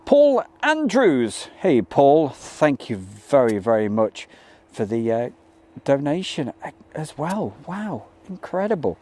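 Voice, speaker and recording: A man's voice: mid-range voice, lively intonation, measured pace. A man, chatting casually as he hosts a live stream outdoors and greets viewers by name. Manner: chatty, reads out viewer names and greets them warmly. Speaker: livestream host. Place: outdoors by an airport.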